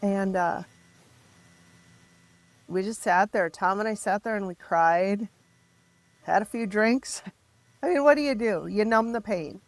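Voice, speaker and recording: A middle-aged woman telling her story as a podcast guest, raw and emotional, halting and restarting as she speaks. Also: mid-range voice, no echo. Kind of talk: candid personal storytelling.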